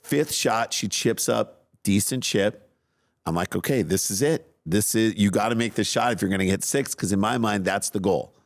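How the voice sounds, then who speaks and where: A man with a low voice tells a story on a podcast, animated and quick to poke fun at himself. The sound is dry and close, with no room echo. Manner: animated, self-mocking storytelling. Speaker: podcast co-host. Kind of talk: casual storytelling chat.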